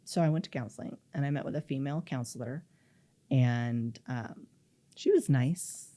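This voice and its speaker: A woman's voice: a bass voice, normal speed. A middle-aged woman telling a personal story in an interview, acting out the dialogue she quotes. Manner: animated, acts out quoted dialogue. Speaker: guest.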